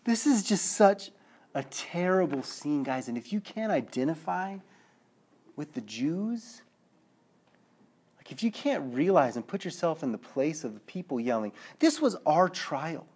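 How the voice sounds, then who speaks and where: A man preaching a sermon, animated, acting out quotes and checking in with his listeners, dropping low and quiet at the sad points. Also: unhurried, husky.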